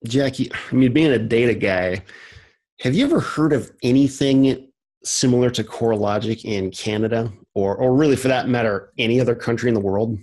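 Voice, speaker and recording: A mid-pitched man with a husky, slightly breathy voice talks as a podcast guest. He speaks casually and hesitantly, with many fillers and restarts. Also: fairly quick, a little mellow, poor audio.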